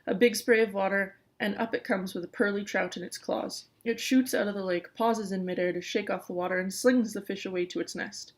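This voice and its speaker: A woman reading a children's novel aloud in the first person, lively, with small stumbles. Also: mid-range voice, fairly quick, few pauses. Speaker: audiobook reader.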